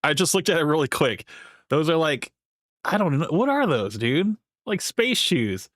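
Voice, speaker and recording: A man's voice: a little high, very animated, moderate pace, a bit bright, dry recording, clean studio sound. A man hosting a live stream, chatting casually and rambling with lots of filler words as he reacts to a video. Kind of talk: casual chat.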